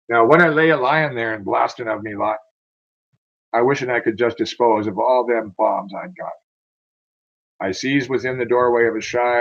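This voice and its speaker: A man's voice: lowish voice, gravelly, husky, lo-fi sound. A man reading as a wounded soldier recalling battle. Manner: rhythmic verse recitation. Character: wounded male soldier telling his war story.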